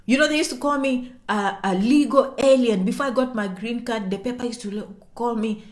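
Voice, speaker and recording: Animated woman slipping into whispers. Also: fairly high pitch, fairly quick. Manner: checks in with "okay?" constantly; drops into half-whispers for sensitive points. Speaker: immigration vlogger. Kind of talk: casual explainer to viewers.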